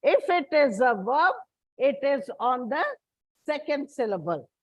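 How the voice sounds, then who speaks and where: A woman's voice: high voice, sing-song, unhurried, low-quality recording. A woman teacher with an Indian English accent giving an exam coaching lecture, explaining patiently and calling her students children.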